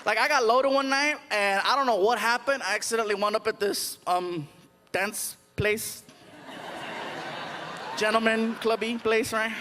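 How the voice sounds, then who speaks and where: A man telling a story in a stand-up set, animated and jokey, in a comedy club with audience noise behind him. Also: high-pitched, measured pace. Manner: animated, jokey, slips into character voices. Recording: live club show with loud audience noise.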